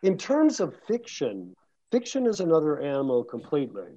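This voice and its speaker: A man's voice: a little high, wildly swooping pitch, normal speed, mellow, husky, highs cut off. A man who narrates audiobooks, talking casually to an audience in a rambling way with many restarts and fillers. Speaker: audiobook narrator and guest speaker.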